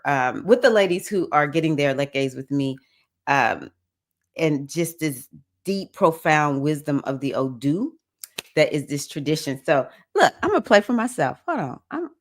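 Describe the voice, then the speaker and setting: A woman hosting a casual livestream chat, reading viewers' comments and cheering them on with bursts of whoops. Her voice sits a little low for a woman. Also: lively intonation, measured pace. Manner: reads viewer comments aloud. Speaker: livestream host.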